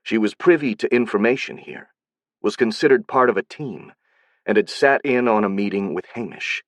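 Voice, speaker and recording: A man reading an audiobook in a steady, even scripted narration. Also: on the low side, normal speed, no echo, dull audio.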